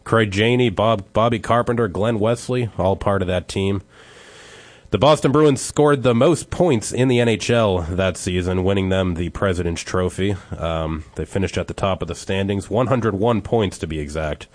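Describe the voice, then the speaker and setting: Male co-host, low voice, dry close mic, chatty trivia reader. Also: normal speed, no room sound. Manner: animated joke-telling, shouting punchlines. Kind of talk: casual morning show chat.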